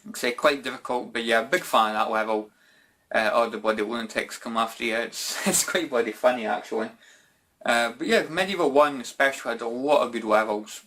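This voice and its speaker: A Scottish man chats casually through viewer questions on his channel. His talk is loose and informal, peppered with "bloody" and "mate", in a voice of ordinary middle pitch. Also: brisk, pushed and bright. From Scotland. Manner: chatty and informal, says "bloody" and "mate" a lot. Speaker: YouTube gaming channel host. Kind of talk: casual Q&A vlog chat.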